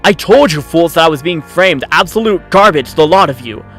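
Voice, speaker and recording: A man's voice: fairly high pitch, animated, normal speed, breathy edge, faint music behind, voice pushed up. Mister Dolores, a man doing a furious blustering bully. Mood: indignant. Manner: loud, cursing, bullying.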